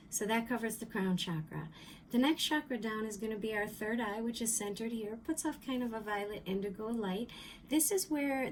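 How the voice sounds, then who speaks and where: A middle-aged woman giving a calm spiritual teaching talk, explaining slowly with repeats and the odd um. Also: fairly high pitch, slight background noise, poor audio. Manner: calm, repetitive explaining with ums.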